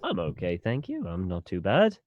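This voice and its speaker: A man's voice: deep voice, wildly swooping pitch, moderate pace, a little mellow, dull audio, a little hiss or hum. A tired man, a tabletop game player chatting casually and rambling a little. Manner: self-deprecating, rambling with restarts.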